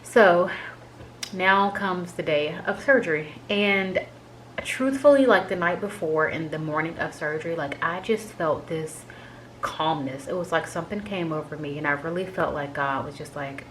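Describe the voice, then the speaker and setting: Woman vlogger, low voice, chatty candid storyteller, heavy filler "like", faint background noise. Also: normal speed, a bit bright, poor audio. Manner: candid and emotional recounting. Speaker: vlogger sharing a health update. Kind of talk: casual personal storytelling.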